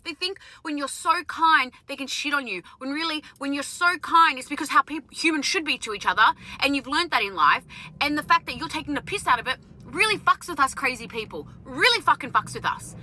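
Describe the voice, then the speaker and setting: A woman's voice: high voice, lively intonation, a little fast, bright, forceful tone, a little hiss or hum, rough recording. A young woman, a lash technician telling a blunt, sweary storytime rant.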